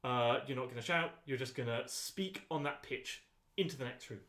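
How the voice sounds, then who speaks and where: A man leading a choir rehearsal voice lesson, giving calm, unhurried instructions with frequent ums. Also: medium pitch. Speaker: choir voice teacher. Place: rehearsal room. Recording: echoey rehearsal room.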